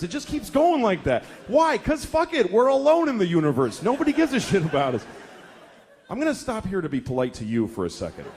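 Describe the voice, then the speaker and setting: A man's voice: high voice, huge pitch swings, fairly quick, darkish tone. A man in his forties doing stand-up comedy, telling stories in a profane, exasperated way.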